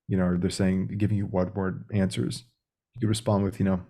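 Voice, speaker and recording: A man's voice: deep voice, flat delivery, brisk, dark tone. A man speaking as a guest on a podcast interview, blunt and direct in a casual way. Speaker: sales coach guest.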